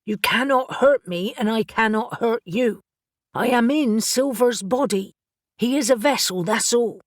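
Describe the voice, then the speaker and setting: A woman voicing a brash, impatient young male witch who shouts and teases in an audiobook. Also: on the high side, a little slow, dry recording, clean studio sound. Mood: reasoning.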